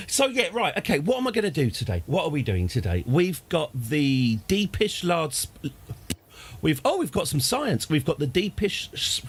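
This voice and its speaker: A man's voice: on the high side, slightly rough. A man streaming a space game, chatting and ranting in a self-deprecating way. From United Kingdom. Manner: chatty, self-deprecating, prone to rants and restarts. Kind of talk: rambling live game commentary.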